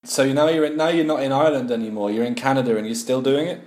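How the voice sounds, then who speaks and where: A man's voice: medium pitch, fairly even intonation, quick pace, darkish tone. A man hosting a podcast, asking friendly, teasing questions in casual chat. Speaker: podcast host. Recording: roomy echo.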